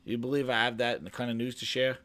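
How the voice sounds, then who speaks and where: A man hosting a casual gaming podcast, talking with mock-dramatic, sarcastic hype, stammering and trailing off quietly. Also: mid-range voice, little pitch movement, fairly quick. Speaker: podcast host.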